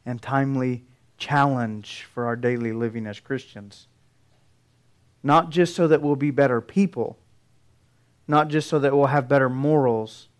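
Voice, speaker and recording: A man's voice: mid-range voice, clean tone. A middle-aged male pastor preaching a sermon, earnest and building emphasis through his points.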